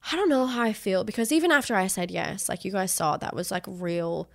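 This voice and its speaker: A young Australian woman, a guest on a podcast, tells her story candidly and emotionally, swearing freely and acting out what others said. Her voice is mid-range and fairly quick, with vocal fry.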